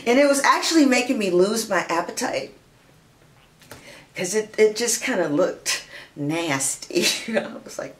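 A woman's voice: mid-range voice, very animated, normal speed, fairly bright tone, reverberant. A woman giving a casual tarot reading, chatty and playful, who laughs often and calls listeners honey and darling. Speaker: tarot reader.

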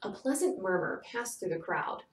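A woman narrating a children's novel aloud, in steady storytelling that softens to near whispers. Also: medium pitch, normal speed. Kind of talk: children's book read-aloud. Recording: echoey room, distant mic.

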